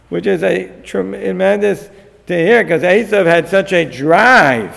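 Gravelly-voiced man teaching Torah. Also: high-pitched, takes it slowly. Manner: animated, acts out the figures in the story. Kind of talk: lecture on a Torah text. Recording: long hall reverb.

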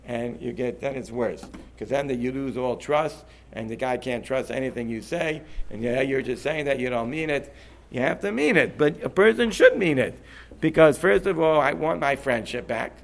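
Gravelly, insistent man explaining. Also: medium pitch. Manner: emphatic, repeats himself, insistent. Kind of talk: animated discussion.

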